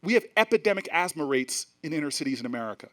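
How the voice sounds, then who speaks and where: A man's voice: on the high side, sing-song, rapid-fire. Emphatic middle-aged man addressing an audience. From New Jersey. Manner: emphatic, rhetorical, frequent restarts and fillers. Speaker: politician speaking to a festival audience. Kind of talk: animated speech with storytelling. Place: event stage before a live audience.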